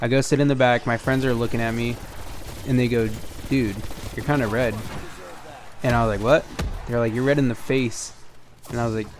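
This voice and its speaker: A man's voice: medium pitch, brisk, long pauses, slight background noise. Young man, storytime host, casual, acts out dialogue, swears a lot, mid-range voice. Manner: animated retelling, acts out dialogue, frequent swearing. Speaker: storytime gaming channel host. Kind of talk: casual storytelling over gameplay.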